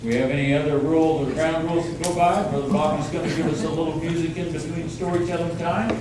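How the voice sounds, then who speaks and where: A man's voice: fairly high pitch, steady tone, quick pace. A man hosting a live storytelling event and explaining the rules in a loose, rambling way. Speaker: event host. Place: indoor event hall with audience. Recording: echoey hall, mic far off, crowd noise.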